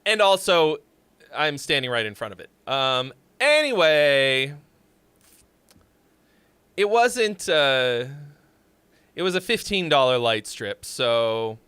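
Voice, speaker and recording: Male streamer, lively bright voice, rambling and jokey, close dry mic. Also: on the high side, takes it slowly, pauses often, smooth, no echo. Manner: rambling, jokey, with sudden loud shouts. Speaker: livestream host reviewing songs. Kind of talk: casual livestream chat.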